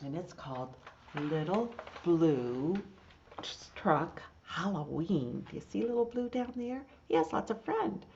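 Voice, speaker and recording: A woman's voice: on the low side, lively intonation, a little slow, a little mellow, slight background noise. A woman leading a children's storytime, reading a picture book and chanting rhymes in a playful, encouraging way. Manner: playful, sing-song, encouraging. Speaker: children's librarian. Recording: dull lo-fi recording.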